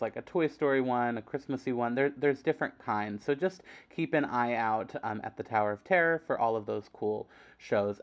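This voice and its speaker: A man narrates his vlog in a casual, enthusiastic voice-over with a middle pitch. He talks chattily, with a few fillers. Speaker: vlog host.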